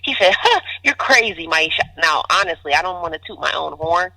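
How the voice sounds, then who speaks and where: A woman's voice: on the low side, animated, brisk, creaky, bright, forceful tone, low-quality recording. A woman talking as a podcast guest in casual chat, telling stories animatedly, acting out quotes and swearing freely.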